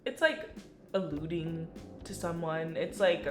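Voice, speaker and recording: A woman from Texas chatting casually, animated and playful, quick to laugh. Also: sits low, soft background music. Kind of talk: casual chat. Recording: roomy echo.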